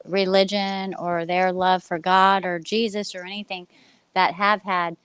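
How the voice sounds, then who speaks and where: A woman's voice: fairly low pitch, level tone, measured pace, fairly bright tone, smooth, dry recording. A middle-aged woman on a video call, talking earnestly about spiritual things in long rambling runs. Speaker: panel guest. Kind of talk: casual group chat on a call.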